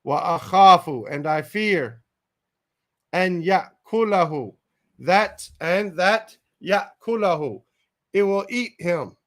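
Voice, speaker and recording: Male Quran Arabic teacher, slightly high voice, slow and methodical, says each word, then glosses it. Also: expressive. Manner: thinks aloud, tentative asides. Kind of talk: word-by-word Quran translation lesson.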